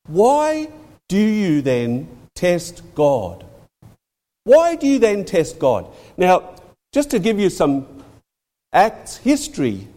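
Man, preacher, sermon, emphatic, repeats phrases, animated pitch, long hall echo. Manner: emphatic, rising and falling for stress, repeats phrases.

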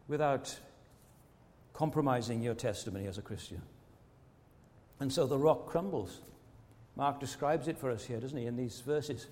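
A man's voice: on the high side, a little mellow, big-room sound. A man preaching a sermon earnestly, asking rhetorical questions and often repeating words as he goes.

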